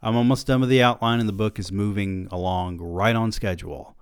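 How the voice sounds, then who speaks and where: A man's voice: fairly low pitch, steady tone, brisk, smooth, no echo, lightly acted. A man reading aloud in the voice of a glib, self-satisfied middle-aged male novelist, wry and close to his own voice.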